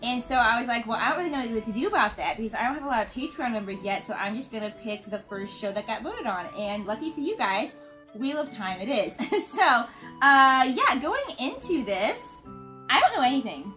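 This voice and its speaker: A woman's voice: on the high side, sing-song, brisk, bright, forceful tone, faint music behind, poor audio. A woman hosting a casual chat, chatty and often laughing. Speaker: host.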